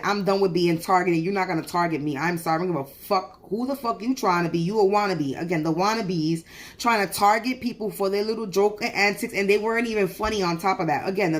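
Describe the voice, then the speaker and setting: A woman venting into her phone on a livestream. She tells the story in a heated, profane rush, often stopping and starting over mid-sentence. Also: fairly low pitch. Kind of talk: venting casual monologue.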